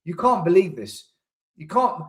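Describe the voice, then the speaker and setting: A young man runs a live football watchalong for a fan channel, his voice high, sing-song and a little slow. He sounds exasperated, swearing and repeating himself as he reacts to the match.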